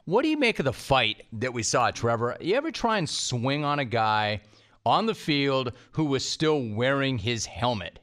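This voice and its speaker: A man hosting a casual sports talk show, talking in a quick, assertive way and often repeating himself. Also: medium pitch, very animated, fairly bright tone.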